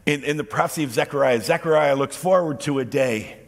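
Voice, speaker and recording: A man delivers a sermon with an animated, expressive preaching style. His voice is a little husky and sits slightly high. Long reverb rings around him in a church hall. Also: fairly quick. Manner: expressive preaching, voicing quoted speech. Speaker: pastor.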